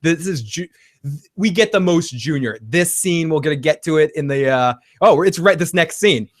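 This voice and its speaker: Man, recap co-host, slightly high voice, lively and laughing, acts out lines. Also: moderate pace. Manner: animated, laughs often, acts out quotes. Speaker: podcast co-host. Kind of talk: casual recap chat.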